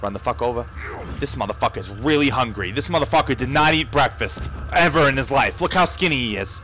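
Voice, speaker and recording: A man's voice: mid-range voice, animated, brisk, faint music behind. Frantic swearing young man gaming. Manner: frantic, swearing, yelps and shouts. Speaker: gameplay commentator. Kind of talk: profane let's-play commentary.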